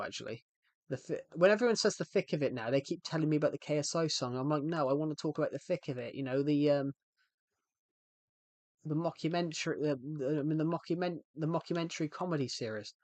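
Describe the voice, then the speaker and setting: On a live stream, a man with a voice on the high side chats casually and rambles, cracking jokes and often breaking off to restart his sentences. There's no echo.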